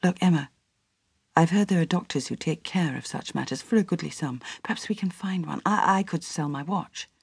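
A woman's voice: medium pitch, sing-song, moderate pace, a little mellow, breathy edge, dry recording, clean studio sound, voice pushed up. A woman voicing an earnest, lovestruck young upper-class man who speaks politely and eagerly. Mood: panicked.

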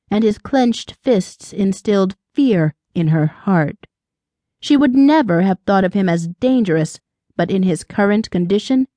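A woman narrating a romance audiobook in a measured, even storytelling voice of middle pitch. The recording is close and dry, with no room sound. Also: no echo.

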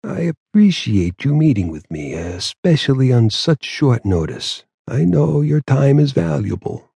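A man doing a raspy, calm old mob don. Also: medium pitch, dry recording, pitched above the performer's own voice, full character voice. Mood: smooth menace. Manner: slow, patient, confident. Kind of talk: audiobook character voice.

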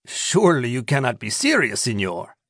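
Voicing a greedy, self-satisfied prison commandant, a narrator drawls with sly menace, his slick courtesy concealing veiled threats. His normal male pitch swings widely and sounds a bit bright, captured close and dry without any echo.

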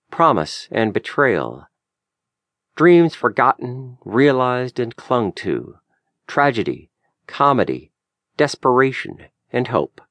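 A man narrating a memoir audiobook in a measured, lyrical, deliberate way, recorded close in a studio. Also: mid-range voice, no room sound. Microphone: close studio mic.

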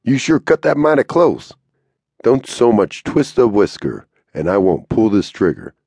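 A man with a deep, husky voice voicing a calm, bossy frontier woman who handles a gun, talking dry and no-nonsense in a western audiobook. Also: a little slow, dry recording, exaggerated voice. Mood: cool, bossy.

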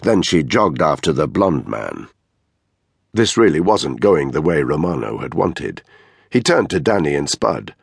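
A man reading a thriller audiobook in measured scripted narration. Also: rumbling low, very animated, vocal fry, slightly rough, no echo. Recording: dry close studio mic.

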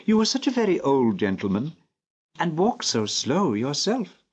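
A man reading an audiobook voices a timid little girl, lost at night, speaking softly and earnestly. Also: a little high, wildly swooping pitch, moderate pace, husky, pitched above the performer's own voice, full character voice. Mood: trusting.

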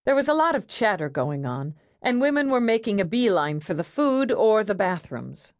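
Expressive woman audiobook narrator. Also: medium pitch, normal speed, no echo, clean studio sound. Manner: wry, expressive storytelling. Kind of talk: scripted narration.

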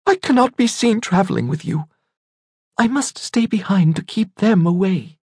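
A man's voice: high-pitched, animated, moderate pace, darkish tone, husky, dry recording, studio quality, pitched above the performer's own voice, full character voice. A man voicing a grieving young mother who must give up her baby sons, speaking in a choked, pleading, tearful way. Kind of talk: audiobook character voice.

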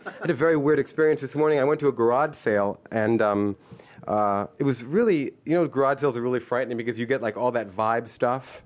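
A man's voice: medium pitch, fast talker. A man in his fifties telling comic stories on stage, rambling and stop-start with lots of "like", playful and self-mocking. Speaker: comedian. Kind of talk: live storytelling stand-up.

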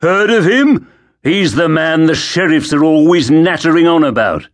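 A man's voice: on the high side, lively intonation, normal speed, pitched above the performer's own voice, lightly acted. A man voicing a young male night watchman who taunts and mocks a stranger in an audiobook. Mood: taunting.

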